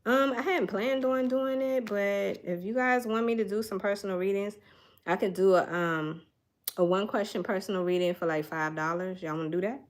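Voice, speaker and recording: A woman's voice: medium pitch, moderate pace. A woman, doing a casual tarot reading and chatting straight to her viewers in a folksy way. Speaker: tarot reader.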